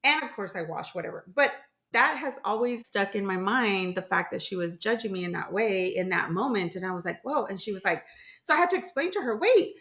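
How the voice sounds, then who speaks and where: Lively, frank woman co-host. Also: mid-range voice, fairly quick. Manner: frank, laughing, animated storyteller. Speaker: podcast co-host. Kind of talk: candid casual chat.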